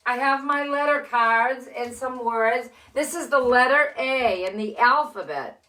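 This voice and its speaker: An older woman with six grandchildren, teaching letter sounds to children in a slow, cheerful, encouraging way from her living room. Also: on the high side, sharp tone. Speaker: children's story host. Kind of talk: phonics lesson and read-aloud for children.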